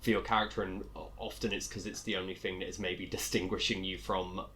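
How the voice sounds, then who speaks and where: A relaxed host with a somewhat low voice, chatting with a guest. He asks his questions loosely and adds reflective remarks of his own. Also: fairly quick. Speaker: podcast host. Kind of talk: casual interview chat.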